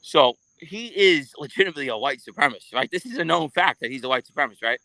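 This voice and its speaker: Fast, bright-voiced man swearing freely. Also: fairly high pitch, vocal fry, no echo. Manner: animated, swearing, storytelling. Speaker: guest. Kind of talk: casual profane interview chat.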